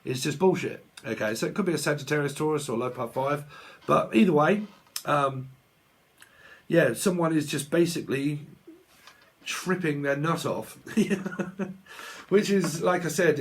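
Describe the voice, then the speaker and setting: A man's voice: a little high, lively intonation, a little slow, breathy edge. A man talking as a tarot reader in a blunt, sweary casual vlog rant, laughing often.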